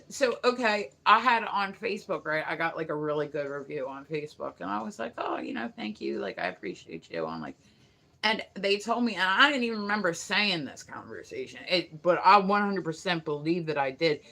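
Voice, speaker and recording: A woman's voice: lowish voice, expressive, fairly quick, creaky, pushed and bright. A woman hosting a casual morning livestream, rambling through stories with lots of fillers and laughing at herself. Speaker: livestream host.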